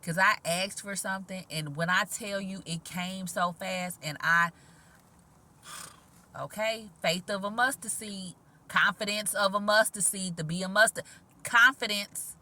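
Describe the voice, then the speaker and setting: A woman vlogging outdoors in a quiet, gentle voice, talking casually with sass and frequent laughs. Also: mid-range voice, unhurried. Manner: animated, sassy, laughs often, soft-spoken. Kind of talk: casual spiritual vlog monologue.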